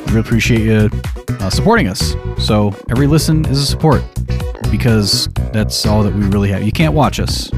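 A man's voice: fairly low pitch, big pitch swings, fairly quick. A man hosting a podcast, signing off in a loose, jokey, rambling way. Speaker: podcast host. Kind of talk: casual podcast sign-off. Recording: music under the voice.

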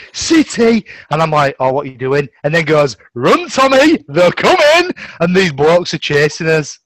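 A chatty man recounting a night out with the lads on a casual podcast. His voice is mid-pitched and sits close and dry, with no room echo. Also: fairly bright tone. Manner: chatty storyteller.

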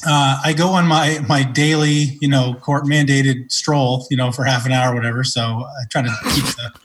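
A man co-hosting a podcast, relaxed and rambling as he tells a backstory. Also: medium pitch, moderate pace. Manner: relaxed, rambling with fillers like "kinda". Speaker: podcast co-host. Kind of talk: casual chat, telling a backstory.

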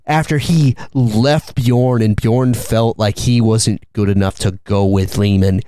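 A man co-hosting a podcast in casual chat, excitable and rambling, swearing and laughing often. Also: medium pitch. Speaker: podcast co-host.

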